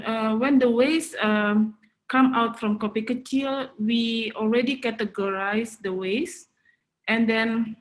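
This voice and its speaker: A woman from Indonesia, a panelist answering in an online webinar, halting and searching for words. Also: mid-range voice, rough recording.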